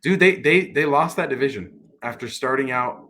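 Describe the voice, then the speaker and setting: A man's voice: mid-range voice, moderate pace, pushed and bright. A young man hosting a casual sports podcast, asking his co-hosts questions with repeated restarts. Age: young adult. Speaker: podcast host.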